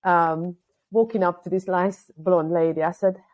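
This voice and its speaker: Non-native English woman guest, lively storyteller, slightly dull video-call sound. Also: on the low side, unhurried. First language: not English. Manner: lively storyteller, acts out quotes. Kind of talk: casual conversation on a video call.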